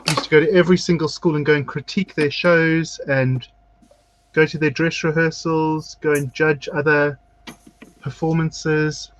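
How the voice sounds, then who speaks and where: A man's voice: on the high side, flat delivery, normal speed, dull audio, slight background noise. A man hosting a casual drag chat show, telling stories at length and acting out what people said, while doing his makeup on a video call. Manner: chatty storyteller, acts out quotes. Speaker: drag queen host.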